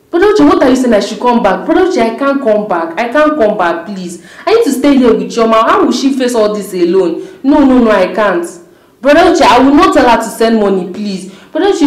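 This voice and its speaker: A woman's voice: fairly high pitch, a little mellow. An actress playing a young woman who pleads with a relative on the phone, exasperated and repeating herself. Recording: very echoey room from a distance.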